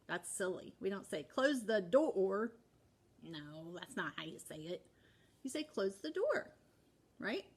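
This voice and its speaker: A woman's voice: medium pitch, fairly bright tone. A woman teaching young children a spelling lesson from home, patiently sounding words out part by part.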